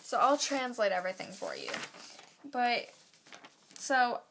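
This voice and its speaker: A teenage girl vlogging at home into her camera's built-in mic, chatty and full of fillers, drawing her phrases out slowly. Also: a little high, wildly swooping pitch, background noise. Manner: chatty, filler-heavy, drawn-out slow phrasing. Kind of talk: casual vlog, teaching basic Spanish phrases. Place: home, indoors.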